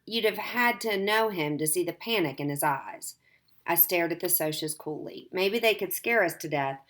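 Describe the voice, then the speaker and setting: Woman reading a novel aloud, low voice. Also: fairly bright tone. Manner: plain read-aloud narration, voicing characters lightly.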